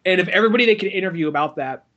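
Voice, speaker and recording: A man's voice: high voice, racing, a bit bright, muffled recording. A man co-hosting a podcast, chatting casually, rambling and swearing as he searches for words. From California. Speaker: podcast co-host. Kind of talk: casual chat.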